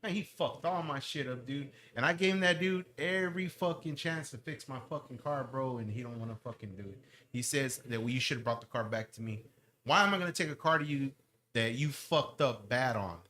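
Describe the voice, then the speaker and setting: A man and lowrider owner, ranting heatedly in casual podcast chat, with slang and heavy swearing. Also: expressive, a little fast, sharp tone.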